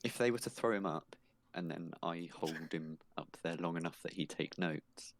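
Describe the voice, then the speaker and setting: A man's voice: deep voice, normal speed, no room sound. A man playing in a tabletop game, eager and stumbling over his questions. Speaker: player. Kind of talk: casual tabletop play.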